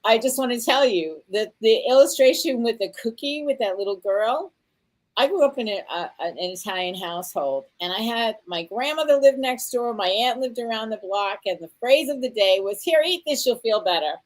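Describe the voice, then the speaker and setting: A woman's voice: fairly high pitch, expressive, normal speed, poor audio. A woman hosting a talk show, chatting casually and affirming her guest often. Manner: affirming, frequent agreeing murmurs. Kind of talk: casual chat.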